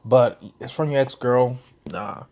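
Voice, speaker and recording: A man's voice: medium pitch, unhurried, a little mellow. Laid-back young man chatting over gameplay. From St. Louis area, US. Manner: laid-back, slangy, talks with his mouth full. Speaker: gameplay commentator. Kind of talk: casual let's-play commentary, reading story text aloud.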